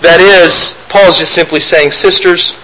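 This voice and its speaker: High, bright-voiced male preacher. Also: steady tone, unhurried, rough recording. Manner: reads scripture aloud, then explains with rhetorical questions; mocks opponents' arguments in a raised voice. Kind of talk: sermon.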